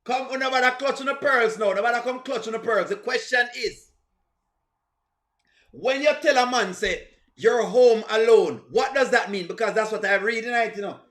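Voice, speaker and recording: A man's voice: very high voice, fairly quick, bright, forceful tone. A man with a Jamaican accent hosting a live reaction stream, teasing and greeting viewers in the chat. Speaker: livestream host. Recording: echoey room.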